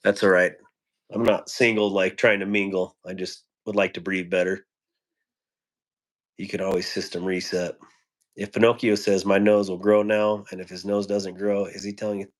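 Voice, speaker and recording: A man's voice: low voice, level tone, normal speed. A man hosting a casual live stream from home on his phone, greeting viewers by name with rambling, joking asides.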